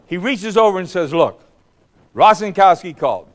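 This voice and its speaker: This older man's public speech in a hall is a blunt, combative story told at a moderate pace with lively intonation. He swings back and forth between loud bursts and murmured remarks.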